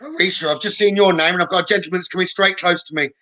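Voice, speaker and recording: A man giving a live psychic reading, gentle and reassuring, often checking in with "okay?" and pausing with "um". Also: high voice, steady tone, rough recording. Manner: hesitant, with many "um" pauses. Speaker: psychic medium.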